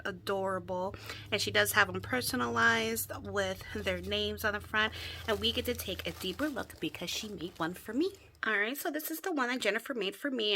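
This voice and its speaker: Bright, gushing crafting-channel woman. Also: medium pitch, slight background noise. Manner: gushing, chatty, squeals over cute items. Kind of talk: casual show-and-tell chat.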